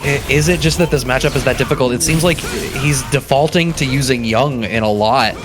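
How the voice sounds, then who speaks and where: A man's voice: mid-range voice, a little fast, music in the background. Analytical man with a mild Boston accent. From Massachusetts, US. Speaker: esports co-commentator. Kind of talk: live fighting-game commentary.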